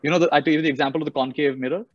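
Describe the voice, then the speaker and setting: A man's voice: on the high side, fairly even intonation, racing, lo-fi sound. A man giving a motivational talk over a video call, repeating key phrases for emphasis. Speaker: motivational speaker.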